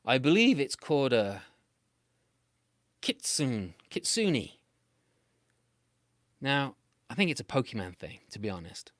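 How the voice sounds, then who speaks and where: A man's voice: measured pace, long pauses, dry recording, studio quality. Playful British male storyteller. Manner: playful, animated, with big swings in pitch and loudness. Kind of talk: improvised children's storytelling.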